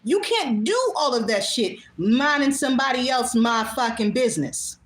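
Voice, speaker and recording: A woman's voice: fairly high pitch, animated, normal speed, hardly any pauses. A woman hosting her own show, talking bluntly and casually, swearing freely and laughing often. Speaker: host. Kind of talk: casual monologue. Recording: echoey room.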